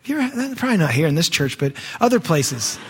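Man, pastor, high voice, conversational sermon, quiet-to-emphatic swings, long church reverb. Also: big pitch swings, a little fast, slightly rough. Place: church sanctuary.

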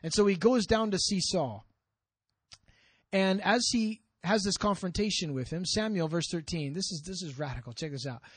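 High-voiced animated male preacher. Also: normal speed, dry recording. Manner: animated storytelling, acts out quotes, drops low for emphasis. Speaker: pastor. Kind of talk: sermon.

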